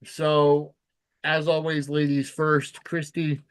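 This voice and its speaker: A man co-hosting a casual chat podcast, talking in a halting way with many "um" fillers. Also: on the high side, completely flat delivery, clear, resonant tone. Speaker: podcast co-host.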